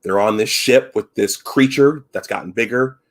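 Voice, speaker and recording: A man's voice: fairly low pitch, normal speed. A man hosting a casual live stream, retelling film scenes with frequent restarts and acted-out quotes. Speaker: host.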